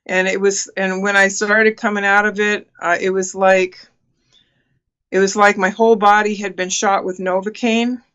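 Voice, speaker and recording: Here a woman in her sixties shares a personal experience as a talk show guest, earnest but peppered with fillers and restarts. Her medium-pitched voice comes across fairly bright, clear and resonant.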